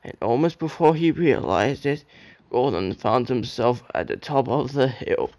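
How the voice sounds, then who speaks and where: A man's voice: medium pitch, lively intonation, unhurried, a little mellow, no echo. A young man reading a children's railway story aloud as an amateur narrator, with occasional slips.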